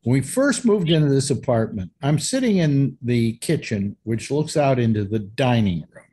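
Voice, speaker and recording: Husky new guy telling a story on a chat show, voice bouncing up and down. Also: mid-range voice, normal speed. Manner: animated storyteller, shouts quoted lines. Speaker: host.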